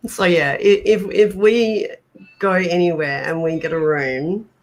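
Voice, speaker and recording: A woman's voice: lowish voice, lively intonation, slow pace. An Australian woman chatting casually on a livestream, laughing often and trailing off mid-thought. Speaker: livestream co-host. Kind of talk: casual chat. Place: home.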